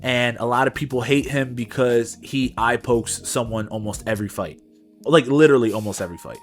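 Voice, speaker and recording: A man's voice: mid-range voice, brisk, faint music behind. A young man co-hosting a podcast, recapping fights in casual, slangy chat and adding his own punch sound effects. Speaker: podcast co-host.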